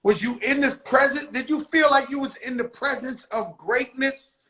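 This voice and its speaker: A man from the United States, the host of a casual chat show, talking in excited street slang with plenty of swearing. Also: very high-pitched, normal speed, low-quality recording.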